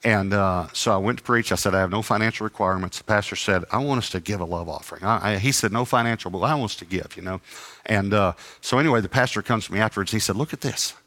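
A middle-aged man preaches, his voice fairly low yet bright and forceful. He tells a story from the pulpit and acts out both sides of the dialogue, poking fun at himself as he goes. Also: fast. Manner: animated anecdotes with acted-out dialogue and self-deprecating humor. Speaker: traveling preacher. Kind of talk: sermon storytelling.

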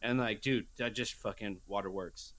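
A man's voice: fairly low pitch, normal speed, dry recording. A young man co-hosting a podcast, rambling through stories in casual chat and acting out his own quoted lines. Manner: rambling, animated storytelling with put-on quoted voices. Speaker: podcast co-host.

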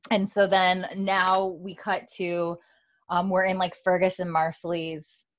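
A woman's voice: little pitch movement, measured pace. Chatty young woman recapping a show. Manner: chatty, acts out characters' lines with lifted pitch. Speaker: podcast host recapping a TV episode. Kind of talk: casual chat recap. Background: dog heard at times.

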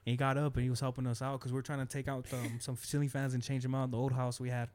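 A man's voice: medium pitch, flat delivery, a little mellow. A man hosting an interview, chatting casually and sharing his own memories. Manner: quick, loose, backchannels often. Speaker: host.

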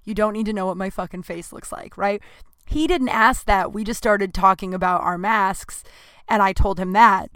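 A woman's voice: medium pitch, moderate pace, fairly bright tone, no room sound. A woman in her late thirties talking nervously in a rambling, flustered monologue, swearing freely. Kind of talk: casual confessional monologue.

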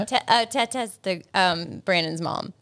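A woman in her thirties, from South Carolina, chatting as a podcast guest, lively, laughing often and breaking into song. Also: lowish voice, slow pace. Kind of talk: casual chat.

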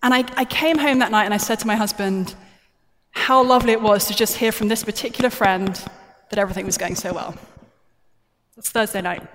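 A woman's voice: mid-range voice, a little fast, a bit bright, slight background noise. A woman giving a plenary talk at a conference, chatty, jokey and self-deprecating. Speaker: conference speaker. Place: large conference hall. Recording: roomy hall reverb from a stage mic.

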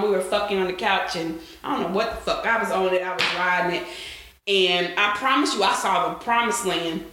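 A woman's voice: mid-range voice, slight background noise. A young adult woman co-hosting an explicit casual podcast, telling crude stories with lots of laughter. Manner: crude, animated storytelling with frequent laughs. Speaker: podcast co-host. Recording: very echoey room.

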